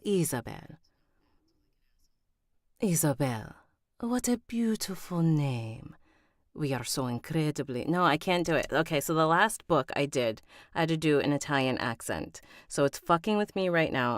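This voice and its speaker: A woman's voice: deep voice, dry recording, clean studio sound. A woman narrating an audiobook on a livestream, breaking off to chat with viewers and correct herself. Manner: chatty asides, self-correcting, talks to her chat. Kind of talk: live-streamed audiobook recording session.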